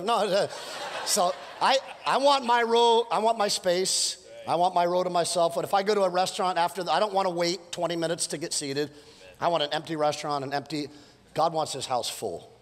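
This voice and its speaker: A male pastor preaching a sermon, telling stories with playful asides and building to fired-up calls, his voice a little hoarse from preaching several services. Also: sits high, brisk, slight background noise. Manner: animated, storytelling with playful asides and rising exhortations. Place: church sanctuary. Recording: long church hall reverb.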